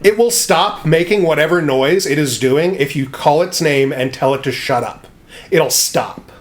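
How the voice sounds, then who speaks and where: A man co-hosting a comedy podcast, chatting casually and complaining in a wry, deadpan way. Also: fairly high pitch, moderate pace. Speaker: podcast co-host. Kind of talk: casual chat.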